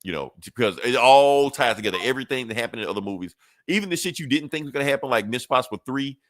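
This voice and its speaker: A male podcast co-host who rambles and swears freely, his pitch swinging lively up and down. He sounds dry and close to the mic, with no room sound. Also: very fast, dry recording. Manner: loose, profane and rambling, with lots of fillers. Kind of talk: casual chat.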